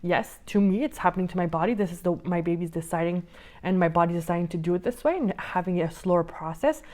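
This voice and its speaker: Young woman, out of breath, mellow low voice, chatty and rambling podcast host. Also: quick pace. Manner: chatty, rambling, many fillers and restarts. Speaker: podcast host and life coach. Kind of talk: casual podcast monologue. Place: at home.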